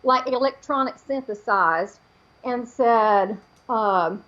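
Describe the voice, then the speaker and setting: On an interview show, a woman who works as a psychic medium slowly recounts a personal story in a voice on the high side. She tells it animatedly, acting out the voices she quotes, and the sound is lo-fi.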